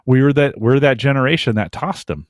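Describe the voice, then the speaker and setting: A man's voice: medium pitch, brisk, dry recording. A man co-hosting a podcast in casual chat, talking emphatically and giving strong opinions on a close mic. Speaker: podcast co-host.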